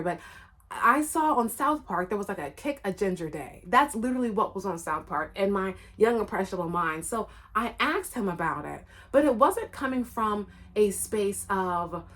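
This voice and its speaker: A woman running her own channel, telling a personal story in a casual, rambling and emphatic way, often repeating her phrases. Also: mid-range voice. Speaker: channel creator.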